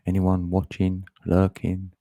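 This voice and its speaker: A man's voice: sits low, monotone, slow, mellow, no room sound. A man chatting casually on a live stream, laughing often and greeting viewers by name.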